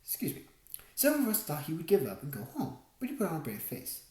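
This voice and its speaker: Low, expressive woman narrating a memoir. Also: fast, reverberant, low-quality recording. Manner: expressive storytelling, wide swings in tone. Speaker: audiobook narrator. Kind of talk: first-person memoir narration.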